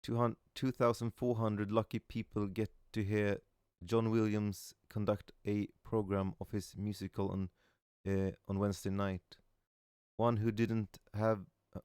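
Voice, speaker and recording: Male meme reader, low and smooth, casual delivery with stumbles and "aw" asides, dry close sound. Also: no room sound. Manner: reads aloud with frequent stumbles and soft "aw" reactions. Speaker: voice actor reading memes aloud. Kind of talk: casual meme reading with reactions.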